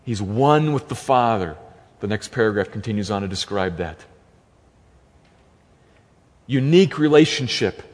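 A man's voice: fairly low pitch, animated, unhurried, long pauses. A man preaching an expository sermon as pastor, emphatic and repeating key phrases for stress. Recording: long reverb of a large hall.

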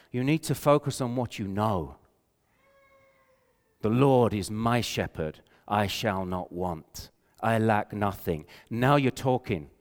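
An older man preaching a sermon with earnest conviction, slowing and softening when he quotes scripture. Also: mid-range voice, clean tone. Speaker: pastor. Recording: reverberant hall.

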